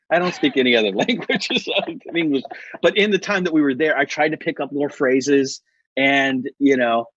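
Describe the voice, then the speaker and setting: A man's voice: medium pitch, no echo, lo-fi sound. An American man on a podcast as a guest, telling stories in a rambling, self-correcting way and laughing often. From United States. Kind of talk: casual interview storytelling.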